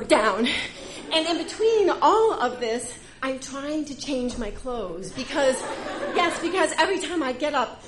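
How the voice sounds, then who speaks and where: Bright-voiced woman telling a comic story. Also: fairly high pitch. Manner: animated and exaggerating, comic emphasis. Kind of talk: live comic personal storytelling.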